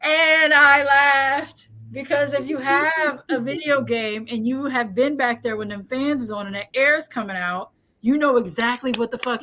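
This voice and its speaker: A woman's voice: sits high, bright, forceful tone. A young adult woman hosting a casual chat, talking frankly and joking, often laughing. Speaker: host.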